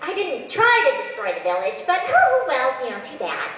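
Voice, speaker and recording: A woman's voice: high-pitched, wildly swooping pitch, moderate pace, fairly bright tone, a little hiss or hum, pitched above the performer's own voice, exaggerated voice. A woman voicing a flighty, scatterbrained anime girl with an airy, dismissive manner, heard from far off in an echoey hall. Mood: flippant.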